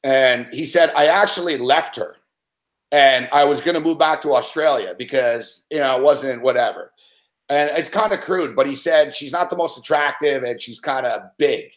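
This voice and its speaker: A man's voice: mid-range voice, moderate pace. A middle-aged man telling a long anecdote in casual chat, rambling and swearing constantly. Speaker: sports betting show regular. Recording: roomy echo.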